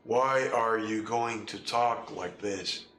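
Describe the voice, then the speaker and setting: A man's voice: on the low side, slow pace, a bit bright, reverberant, soft background music. Emphatic man with rhetorical questions. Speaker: podcast host and game master. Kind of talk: casual opinion talk.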